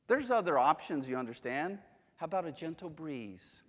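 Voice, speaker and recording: A man teaching a church Bible class, chatty and joking as he tells stories from home. His voice sits a bit high for a man. The long reverb of a church hall hangs behind him. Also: sing-song, normal speed, fairly bright tone. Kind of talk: casual church lesson with anecdotes.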